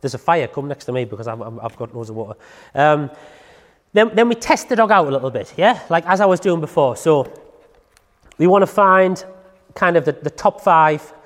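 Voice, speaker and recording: A man's voice: a little high, expressive, normal speed, in a large hall. A man, a dog trainer explaining in a casual chatty way, full of tag questions. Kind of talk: casual instructional talk to camera.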